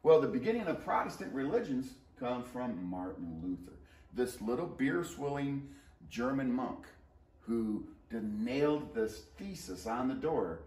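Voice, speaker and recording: A man teaches history in a loose, conversational lesson shared with a colleague, and his voice rises and falls with animated, joking energy. He sounds set back from the microphone, and the room around him rings noticeably. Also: mid-range voice, a little slow. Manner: animated and joking, playful asides. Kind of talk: casual co-taught history lesson. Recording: roomy sound, mic at a distance.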